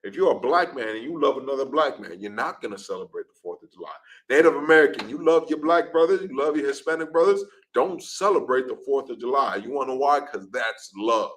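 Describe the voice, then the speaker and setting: A man's voice: medium pitch, lively intonation, fairly quick, hardly any pauses, a bit bright, poor audio. A man preaching in a street-talk class, emphatic and repetitive, often ending lines with "man". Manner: emphatic, repeats "man", acts out scenes. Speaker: class speaker.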